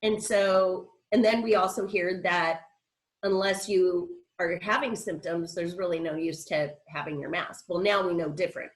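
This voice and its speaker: A woman's voice: on the low side, steady tone, moderate pace, rough recording. Chatty woman on a video call. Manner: chatty, rambling, with laughs and restarts. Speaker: guest speaker. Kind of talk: casual personal account on a video call.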